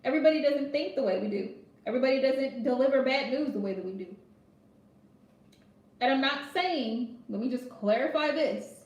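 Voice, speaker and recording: A woman's voice: high voice, expressive, normal speed, a little mellow, reverberant, dull audio. A woman tarot reader talking bluntly and emphatically in a casual advice vlog, often checking in with "right?". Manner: blunt, emphatic, repeats her point with "right?".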